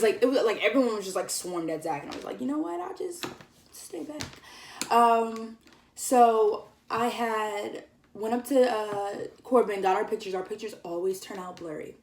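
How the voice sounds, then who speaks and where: A woman's voice: mid-range voice, recorded from a distance, a little hiss or hum. A young woman tells a casual vlog story, chatty and giggly, with lots of fillers. She sits a bit back from the mic in an echoey room. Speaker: vlogger.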